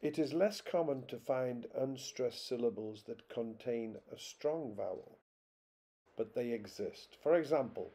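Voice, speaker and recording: A man narrates an instructional lesson at an unhurried, careful pace. His voice is mellow and dark, and he reads example words one by one with deliberate spacing. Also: mid-range voice, lively intonation. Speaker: teacher.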